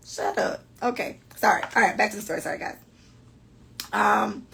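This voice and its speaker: A young woman in her twenties hosting a podcast, telling stories in a blunt, profane, animated way. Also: mid-range voice, normal speed, vocal fry, low-quality recording. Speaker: podcast host. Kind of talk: casual storytelling podcast.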